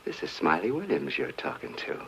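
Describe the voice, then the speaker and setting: A man's voice: deep voice, huge pitch swings, a little fast, gravelly, a bit bright, a little hiss or hum, exaggerated voice. An actor playing a nervous male small-time crook in a 1940s film, jumpy and defensive. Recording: muffled old film soundtrack with music.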